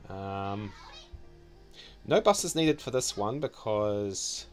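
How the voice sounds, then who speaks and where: A man's voice: fairly low pitch, expressive, extremely slow, darkish tone, soft background music. A man thinking aloud as he streams a city-building game, trailing off and correcting himself often. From New Zealand. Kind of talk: casual gameplay commentary.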